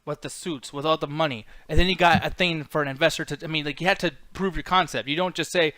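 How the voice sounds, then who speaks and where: A fairly high-voiced man argues his point in a casual movie review chat, blunt and foul-mouthed. The sound is dry and close, with no room around him. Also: fairly even intonation, fast, bright, forceful tone, no echo. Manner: opinionated, heavy swearing, argumentative. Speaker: podcast co-host.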